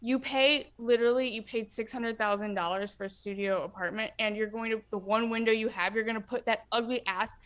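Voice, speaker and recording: A woman's voice: a little high, fairly even intonation, fairly quick, few pauses, a bit bright. A young woman guest in casual chat, ranting bluntly with lots of fillers.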